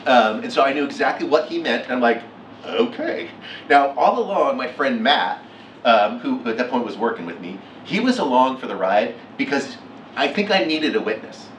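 A middle-aged man giving a keynote talk, telling a story with lively acted-out quotes. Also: mid-range voice, moderate pace, slight background noise. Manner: animated, acts out quotes with laughs. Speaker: keynote speaker. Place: lecture hall. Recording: echoey hall from far off.

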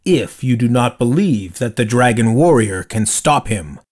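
A man putting on an ancient male tortoise master, unhurried and serene, with a husky, low voice that drifts along at a very slow pace. His tone stays calm and wise, as in a storybook read-aloud.

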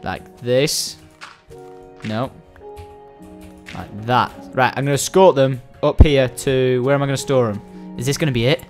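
A young Scottish man giving casual, excitable commentary while playing a building game, chatting to viewers and the animals. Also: medium pitch, a little slow, soft background music. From Scotland. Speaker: gaming commentator.

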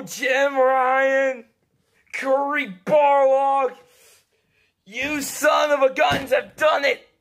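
A man's voice: very high-pitched, heavily acted. A man doing a wailing, melodramatic console fanboy. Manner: ranting, wailing, sobbing shouts. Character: whiny adult male console fanboy, melodramatic.

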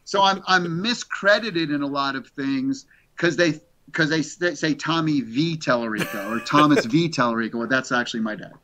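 A middle-aged man, an interview guest, chatting casually as an animated storyteller who repeats words. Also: fairly high pitch, moderate pace.

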